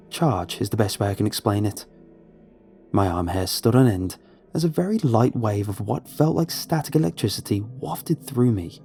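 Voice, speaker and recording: Mellow-voiced man narrating horror. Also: medium pitch, vocal fry. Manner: measured, suspenseful storytelling. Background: faint music.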